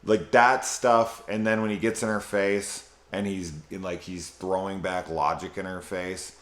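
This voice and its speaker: A man with a very deep voice talks through a film in a loose, rambling way. He swears freely and gets excited about what he liked. The room around him has a noticeable echo. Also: unhurried. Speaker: film reviewer. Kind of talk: casual spoiler review. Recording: echoey room.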